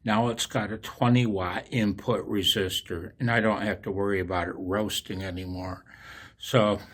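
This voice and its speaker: A man's voice: on the low side, steady tone, normal speed, a bit bright. A man chatting casually to viewers in a home vlog about his radio setup, chuckling often as he rambles in a folksy way. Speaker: amateur radio vlogger. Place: home and yard.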